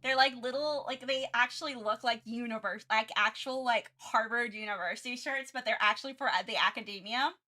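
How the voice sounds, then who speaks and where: A woman's voice: fairly high pitch, brisk, few pauses, sharp tone. A woman streamer chatting casually during her art livestream, rambling with many restarts and frequent giggles.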